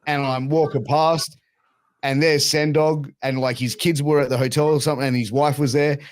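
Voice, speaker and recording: With a higher-leaning voice at a moderate pace and slight background noise, a young Australian man tells a story on his podcast. The retelling is animated and casual, full of fillers and profanity.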